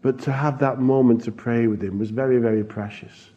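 A man's voice: mid-range voice, fairly even intonation, brisk. A man earnestly telling a congregation a testimony from his mission work, with some restarts along the way. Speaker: church missions speaker. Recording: dull lo-fi recording.

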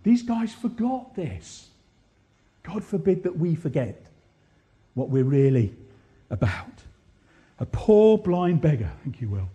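His voice pitched high and sweeping widely, a male preacher delivers a slow sermon in church, leaving long pauses. With animated energy he turns questions on the congregation and leans on repeated key lines to make his points.

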